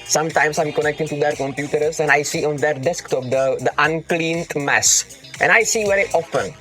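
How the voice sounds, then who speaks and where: A man's voice: fairly high pitch, moderate pace, sharp tone. A man with a non-native English accent hosting a livestream, answering chat questions in an emphatic, teasing way and calling viewers darling. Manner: emphatic, calls viewers darling, repeats "okay? got it?". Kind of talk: casual livestream Q&A. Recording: faint music under voice. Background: background music.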